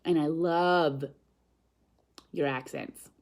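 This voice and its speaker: A talkative woman speaks as a guest on a live stream. She chats in an animated, upbeat way. She reads viewer comments aloud and responds to them. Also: deep voice, very slow. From Canada. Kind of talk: live-stream motivational chat.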